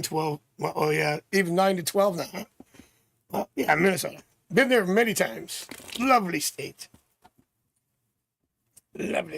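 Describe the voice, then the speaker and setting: A man from Canada hosting a live tarot stream, chatting with viewers and thinking out loud as he reads cards. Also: high-pitched, vocal fry. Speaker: tarot reader and livestream host.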